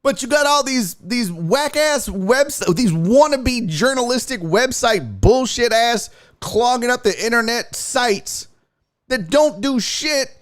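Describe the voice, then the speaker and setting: He takes it slowly, this sports show host, his very high-pitched voice expressive throughout. The live stream is a profane, exasperated rant with sing-song asides poking fun at others.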